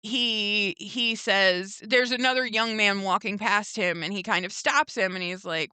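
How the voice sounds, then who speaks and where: A young woman co-hosts a casual recap podcast. Her voice is bright and crisp, and she is recorded dry and close to the mic. She retells scenes by voicing the characters, with plenty of "like" and "um.". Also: mid-range voice, lively intonation, normal speed, dry recording. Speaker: podcast co-host.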